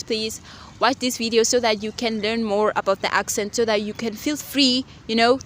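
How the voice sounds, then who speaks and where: A woman hosting a casual discussion speaks in a playful, encouraging way, with a somewhat high voice. She is recorded outdoors. Clear street and vehicle noise runs behind her. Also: a bit bright. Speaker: host.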